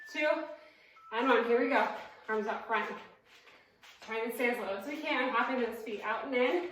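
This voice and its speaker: A woman's voice: fairly high pitch, a bit bright, heavy reverb, distant mic, slight background noise, rough recording. A woman instructing a cardio workout, counting reps and cueing moves, out of breath, with upbeat coaching and self-deprecating asides. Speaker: fitness instructor.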